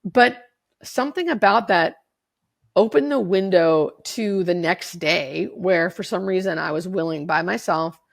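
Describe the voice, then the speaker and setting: Gravelly-voiced woman telling her story candidly. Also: on the low side, a little slow. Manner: candid, swears freely, acts out what others said. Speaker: podcast guest, hospice nurse.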